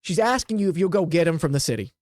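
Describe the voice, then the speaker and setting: A woman's voice: fairly low pitch, expressive, quick pace, darkish tone, no room sound, clean studio sound. A woman narrating as game master in a loose, chatty way, with lots of fillers.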